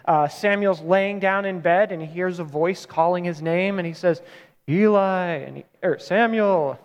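A man's voice: sits high, steady tone, normal speed, clean tone, dull audio. A man in his thirties giving a sermon as a pastor, retelling a story in a casual, conversational way and often correcting himself. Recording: long reverb of a large hall.

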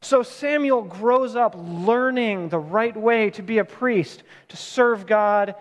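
A man with a high voice preaches in a relaxed, chatty way. He often stops to correct himself. His voice rings with the long reverb of a large hall. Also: takes it slowly. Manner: casual, conversational retelling with self-corrections. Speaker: pastor. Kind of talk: sermon.

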